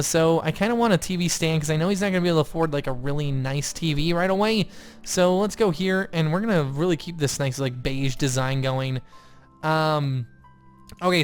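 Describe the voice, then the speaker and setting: Young man, gaming commentary, excitable, gushing, highish pitch, faint music underneath. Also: clean tone. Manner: excitable, gushing, swings between loud outbursts and quiet mutters. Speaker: gaming YouTuber. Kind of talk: let's play commentary.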